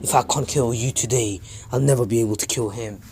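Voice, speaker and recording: A man's voice: medium pitch, brisk, background noise, close to an everyday voice. A man reading an angry vengeful teenage ninja. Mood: angry, demanding.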